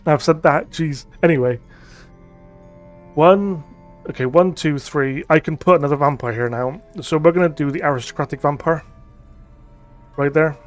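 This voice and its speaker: Guy playing a digital board game, talking it through, reads the cards out, lots of ums, slightly high voice, soft music behind. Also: moderate pace, long pauses. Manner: reads card text aloud, muses with frequent ums. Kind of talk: thinking-aloud gameplay commentary.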